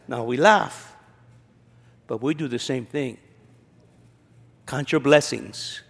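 A man's voice: medium pitch, takes it slowly, creaky. A man preaching a sermon, reading scripture verses and then commenting with sarcastic asides, raising his voice to act out quoted lines. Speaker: pastor. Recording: long hall reverb.

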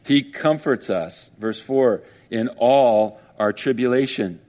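A man's voice: mid-range voice, slow. A man preaching a sermon, retelling a story with feeling and acting out the voices of its people. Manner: emotional, animated storytelling with acted-out voices. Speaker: pastor.

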